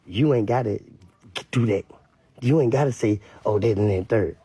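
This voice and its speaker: A man giving casual street commentary to camera, animated and repetitive, sometimes mimicking others in a high voice. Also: moderate pace, breathy edge, no echo.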